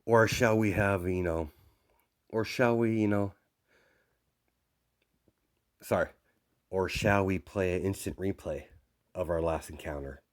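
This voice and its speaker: A man doing a smug, cocky teen boy, deep and quiet. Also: measured pace, long pauses, no room sound, clean studio sound.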